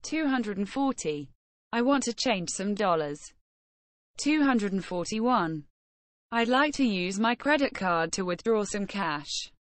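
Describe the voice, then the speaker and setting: A woman reads short practice phrases and their numbers at a very unhurried pace, pronouncing each one with care. Her voice is recorded dry and close, with no room sound. It suits a lesson for beginners. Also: medium pitch, expressive, no room sound. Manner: measured, carefully enunciated phrase-by-phrase reading. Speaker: language lesson reader.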